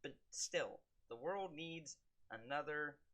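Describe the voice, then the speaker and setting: A young man reviewing films in a casual monologue, with quick wry asides and deadpan jokes. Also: fairly high pitch. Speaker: film vlogger.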